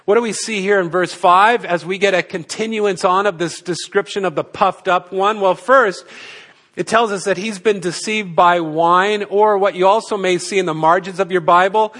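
Man, high voice, pastor, sermon, measured teaching, rhetorical questions. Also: fairly even intonation, a bit bright. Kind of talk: expository sermon.

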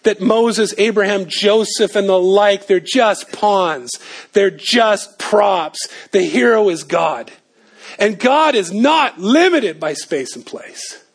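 A man with a high, light voice preaching a sermon. He builds to emphatic peaks and then drops to quiet, low asides. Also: animated, slow, husky. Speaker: pastor.

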